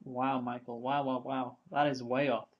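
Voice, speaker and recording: A man's voice: mid-range voice, flat delivery, normal speed. Male podcast co-host, mid-range voice, teasing and matter-of-fact, dull recording. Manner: teasing, reveals answers plainly. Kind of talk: casual podcast chat.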